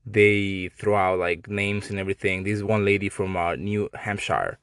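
Sarcastic Mexican-accented podcast host. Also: male voice, on the low side, normal speed, a bit bright, no echo, clean studio sound. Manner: sarcastic, profane, slangy. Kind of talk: casual podcast rant.

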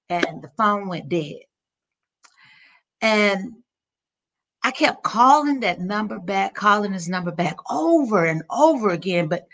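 A woman's voice: mid-range voice, lively intonation, normal speed, gravelly, a bit bright. A middle-aged woman, an interview guest, telling a personal story in an earnest, emotional way with many restarts.

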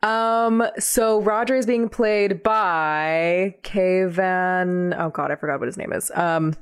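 A woman's voice: fairly low pitch, takes it slowly, clear, resonant tone. A young woman co-hosting a podcast in casual chat, enthusiastic and gushing. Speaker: podcast co-host.

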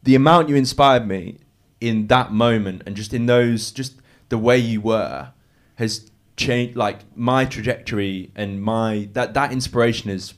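A man's voice: medium pitch, unhurried, few pauses. A man talking earnestly and emotionally in a casual chat, often restarting his sentences. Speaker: guest.

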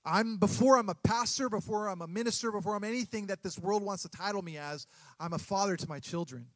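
A man in his thirties preaching a sermon as a pastor, earnest and halting, often restarting his sentences. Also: high-pitched, fairly bright tone, dry recording.

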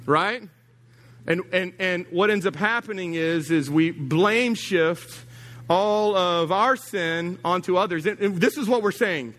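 A middle-aged man preaching a sermon as a pastor, teasing and animated, dropping low and quiet, then rising high and emphatic. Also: normal speed, in a large hall.

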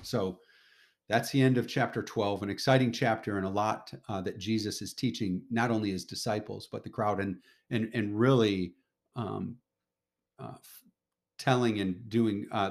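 Guy with a gravelly voice doing a laid-back family bible study, gets emphatic sometimes. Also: lowish voice, normal speed. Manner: relaxed, conversational, gets emphatic when paraphrasing. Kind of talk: casual Bible lesson, reading and explaining scripture.

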